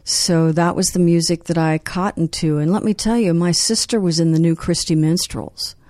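A woman's voice: lowish voice, fairly even intonation, moderate pace, a little mellow, dry recording, studio quality. Older woman, playful storyteller guest. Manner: storytelling, playful, drops into mock British accents. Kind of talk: casual podcast chat.

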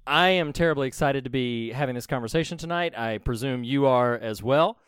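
A man's voice: medium pitch, brisk, fairly bright tone, clear, resonant tone, no echo. A man co-hosting a podcast in casual chat, laughing often and telling jokes. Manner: laughs often, tells jokes with put-on voices. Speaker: podcast co-host.

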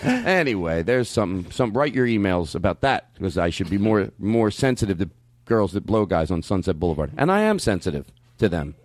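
A man's voice: on the low side, very animated, no room sound. A man hosting a comedy podcast, rambling and joking with a loose, swearing delivery. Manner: rambling, jokey, swearing, quick laughs. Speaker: podcast host.

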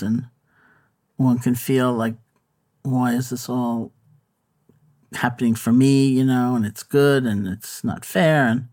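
Thoughtful man talking about meditation. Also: mid-range voice. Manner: thoughtful, unhurried, with frequent fillers and restarts. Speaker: meditation teacher and author. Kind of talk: reflective interview answers.

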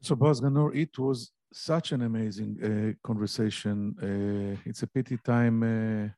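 Low, dark-voiced male host. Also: fairly even intonation, a little slow, no echo. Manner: brief, courteous sign-off. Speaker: interview host. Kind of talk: closing an interview.

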